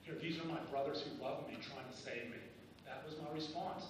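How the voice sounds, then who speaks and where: A man's voice: fairly high pitch, steady tone, a little fast, background noise. Man telling his story in an echoey hall. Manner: candid storytelling, acting out his old self in rising, insistent bursts. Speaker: speaker at a benefit dinner. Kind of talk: personal recovery speech. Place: large banquet hall. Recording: echoey banquet hall, voice from a distance.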